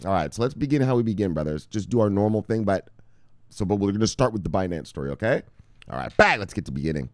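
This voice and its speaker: A man hosting a casual crypto news show, swinging between loud hype and low, muttered anger, calling his viewers brothers. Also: very animated, fast, dry recording, studio quality. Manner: calls viewers brothers, punchy catchphrases like bang and look look.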